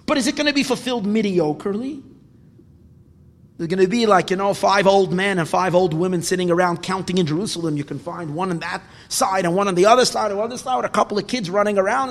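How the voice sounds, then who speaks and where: A male religious teacher giving a sermon-style lecture, dramatic, swinging from loud exclamations to hushed whispers and repeating words. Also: high-pitched. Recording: long hall reverb.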